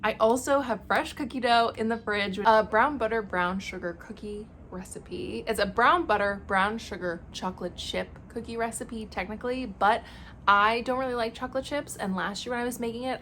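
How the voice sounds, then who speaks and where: A woman's voice: mid-range voice, fairly bright tone, slight background noise. A young woman vlogging casually at home, gushing with effusive exclamations. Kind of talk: casual vlog chat. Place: home apartment, indoors.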